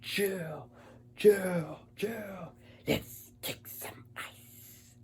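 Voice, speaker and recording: Hammy villain cracking ice puns - a guy doing the voice, pitched up, swoops around a lot. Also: expressive, slow pace, darkish tone, husky, heavily acted. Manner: punning, hammy delivery. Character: icy pun-spouting villain, adult man, gruff.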